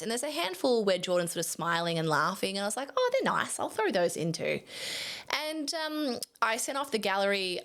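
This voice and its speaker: Chatty woman photographer telling a story. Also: lowish voice. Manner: chatty, animated, laughs at herself. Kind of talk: casual storytelling to camera.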